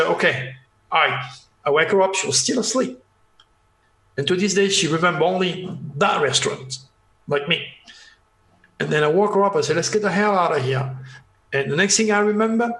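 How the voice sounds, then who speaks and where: Man, podcast guest, dramatic storyteller, bright tone, echoey room. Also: fairly high pitch. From France. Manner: dramatic, acts out dialogue, restarts often. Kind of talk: animated storytelling.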